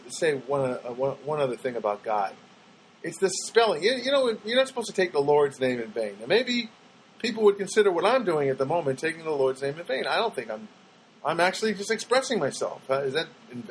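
A man's voice: a little high, a little hiss or hum, low-quality recording. A man telling a rambling comic monologue at home, stammering and restarting as he goes. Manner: rambling, stammering, animated storytelling.

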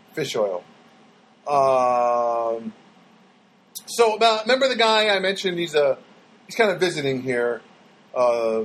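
A man's voice: medium pitch, low-quality recording. A middle-aged man with a New York accent, a comedian rambling through a casual monologue. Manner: rambling, animated storytelling.

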